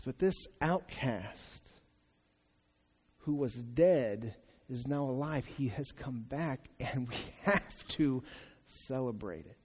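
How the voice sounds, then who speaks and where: A man preaching a sermon in an animated, exclaiming way, acting out the voices in his story, in a church hall. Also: mid-range voice, slow, slightly rough. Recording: long reverb of a large hall.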